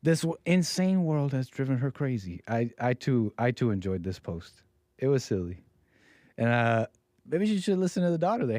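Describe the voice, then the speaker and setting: A man's voice: medium pitch, big pitch swings, moderate pace, a little mellow, dry recording, clean studio sound. A man streaming reaction commentary, joking and mimicking the voices in the clip. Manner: jokey, mocking, mimics voices.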